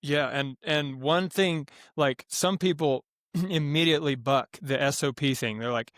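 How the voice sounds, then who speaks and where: A man with a fairly high voice talks through how his greenhouse farm runs, restarting his sentences and going lively when he acts out what others say. The sound is dry and close, with no room around it. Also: measured pace, dry recording. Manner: rambling, many restarts, animated when quoting others. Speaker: greenhouse farm owner, guest. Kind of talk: casual podcast interview.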